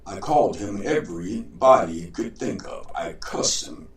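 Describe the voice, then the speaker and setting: A man's voice: fairly low pitch, unhurried, roomy sound, recorded from a distance, a little hiss or hum. A man voicing a sly, boastful male trickster in a read-aloud story.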